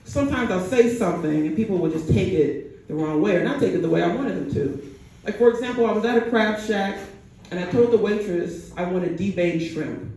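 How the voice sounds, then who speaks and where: A woman performing a stand-up comedy set on a bar stage, with a deadpan delivery that keeps tagging jokes with "right?". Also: medium pitch, brisk. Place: bar stage in front of a crowd. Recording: echoey room, mic heard from a distance.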